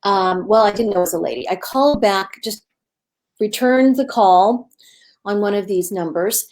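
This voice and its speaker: A woman's voice: mid-range voice, normal speed. A woman appearing as a guest medium, telling her story in a casual, rambling way with many fillers. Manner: rambling, animated retelling with fillers.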